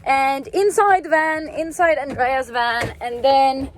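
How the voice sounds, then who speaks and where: A young Swedish woman, a native Swedish speaker with a Swedish accent, telling a lively travel story to her handheld camera. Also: sits high, slow. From Sweden. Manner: animated, laughing, acts out quotes. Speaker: vlogger. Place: van trip at a vineyard.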